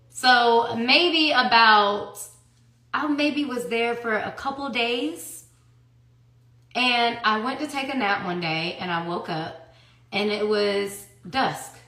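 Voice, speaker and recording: A woman telling a personal story in a casual tell-all monologue, emphatic and profane, swinging between hushed and loud. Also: on the high side, roomy sound. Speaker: storyteller recounting personal events.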